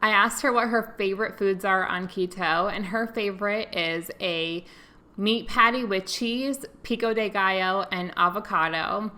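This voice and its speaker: A woman's voice: mid-range voice, a little slow, bright, forceful tone. A young adult woman giving a casual, earnest and emotional to-camera update as a vlogger.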